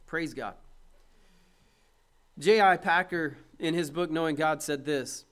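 A man's voice: on the high side, slow pace, pauses often, fairly bright tone, clear, resonant tone. A man preaching a sermon, emphatic, repeating his phrases and putting questions to the listeners.

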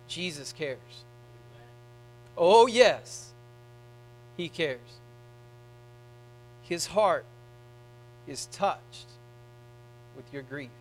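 A man preaching a sermon in a church, swinging between hushed, tender passages and loud, fervent ones. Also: high voice, rough recording. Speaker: pastor.

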